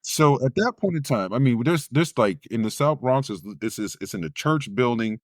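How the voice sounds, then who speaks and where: In clean, dry studio sound, a man with a mid-range voice speaks at a normal pace. He's a spoken word poet sharing a personal story in an interview, animatedly performing the voices of the people he quotes.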